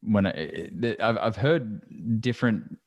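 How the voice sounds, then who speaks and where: A man hosting a podcast, speaking haltingly and repeating words as he thinks. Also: lowish voice, lively intonation, no echo, lo-fi sound. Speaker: podcast host. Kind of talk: casual interview chat.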